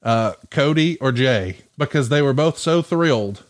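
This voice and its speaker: Animated man telling backstage stories. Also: medium pitch, a little slow. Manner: animated, acts out quotes, laughs often. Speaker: podcast host, wrestling promoter. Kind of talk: casual storytelling chat.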